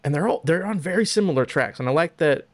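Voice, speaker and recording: A young man hosting a podcast, chatting casually about video games in an animated, profane, joking way. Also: on the high side, fast talker, no echo. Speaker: podcast host.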